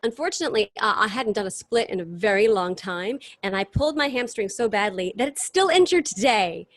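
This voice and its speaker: A woman, chatting as an interview guest in animated, restart-filled stories over a video call. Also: mid-range voice, a little fast. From New York City. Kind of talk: casual chat.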